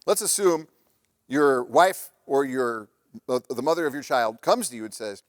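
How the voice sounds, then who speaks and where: A man's voice: medium pitch, animated, normal speed, no room sound. Male speaker for a relationship talk, casual and anecdotal, restarts often, dry sound. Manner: conversational, anecdotal, with frequent restarts. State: married father. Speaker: presenter on relationships and parenting. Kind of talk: live presentation talk.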